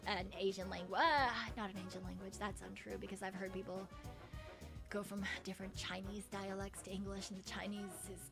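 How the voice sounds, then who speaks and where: A woman's voice: mid-range voice, level tone, brisk, gravelly, over music. A woman streamer chatting casually with her viewers, rambling and humming between thoughts. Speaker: live streamer. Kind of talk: casual live-stream chat.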